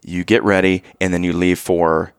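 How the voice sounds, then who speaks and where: A man co-hosting a podcast, telling a family road-trip story in casual chat, animated and rising to exasperated outbursts. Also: low voice, normal speed, clear, resonant tone, no echo, clean studio sound. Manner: animated, rising to loud exasperation when quoting himself. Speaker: podcast co-host.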